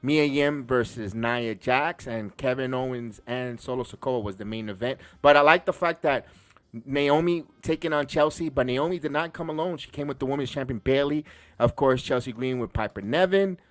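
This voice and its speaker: A man's voice: medium pitch, normal speed, dry recording. Enthusiastic rambling man recapping. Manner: enthusiastic, rambling with frequent restarts and fillers. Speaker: podcast host. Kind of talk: casual wrestling recap chat.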